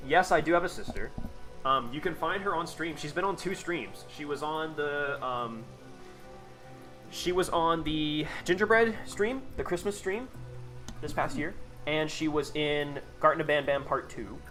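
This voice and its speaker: A man's voice: fairly high pitch, expressive, measured pace, sharp tone, soft background music. A man talking casually to his chat on a live gaming stream, rambling, sarcastic and freely profane.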